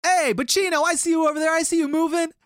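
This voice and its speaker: A man putting on the voice of a drunk, rowdy male shop owner who yells and pushes. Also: very high voice, steady tone, fast talker, no room sound, studio quality, pitched above the performer's own voice. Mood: drunk yelling.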